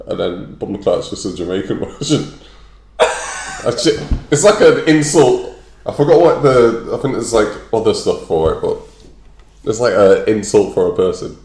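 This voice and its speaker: Deadpan, low-voiced Northern English man. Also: normal speed. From North of England. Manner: joking, deadpan banter. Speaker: podcast guest, comedian. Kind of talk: casual chat. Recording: roomy echo.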